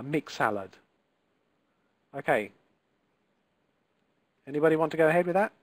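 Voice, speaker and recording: A man's voice: a little high, normal speed, pauses often, no echo. Upbeat man teaching an online class. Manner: encouraging, patient, pronounces Italian words carefully. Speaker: Italian teacher. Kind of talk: live online language class.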